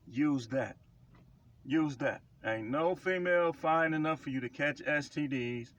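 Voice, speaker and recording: A man's voice: on the high side, a little slow, fairly bright tone, muffled recording. Blunt, emphatic man preaching advice. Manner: blunt, emphatic, repeats himself for stress. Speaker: self-described prophet giving life advice. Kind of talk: casual preaching monologue to camera.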